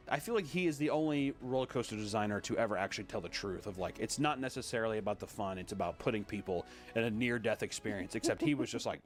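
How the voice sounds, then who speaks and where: A man's voice: lowish voice, fast, few pauses, soft background music. A man streaming himself reacting to a video, casual and joking with loose swearing. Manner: joking, loose, swears, slips into silly voices.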